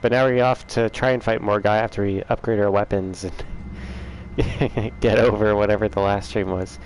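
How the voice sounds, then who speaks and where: A man's voice: fairly low pitch, steady tone, normal speed, darkish tone, slight background noise, poor audio. A man hosting a casual gaming livestream from his room at home, chatting and teasing viewers by name.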